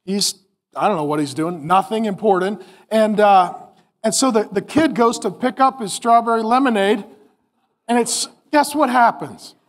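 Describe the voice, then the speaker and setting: A man's voice, unusually high for a man, gives a sermon in a big hall with a long, ringing echo. He tells animated stories, puts on voices for the people in them and turns to the audience with questions. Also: moderate pace. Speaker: pastor.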